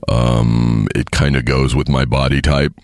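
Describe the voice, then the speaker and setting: A man voicing a huge, laid-back man with a very deep voice, speaking slowly in a low, mock-solemn way. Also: level tone, dry recording, clean studio sound. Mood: deadpan. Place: parked car.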